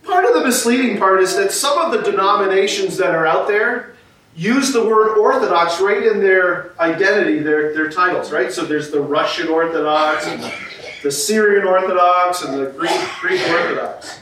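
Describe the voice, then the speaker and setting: A man's voice: sits high, lively intonation, unhurried, fairly bright tone, recorded from a distance. A man preaching a sermon as pastor, casual and self-deprecating, with lots of fillers. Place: church sanctuary. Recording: very echoey church room from afar.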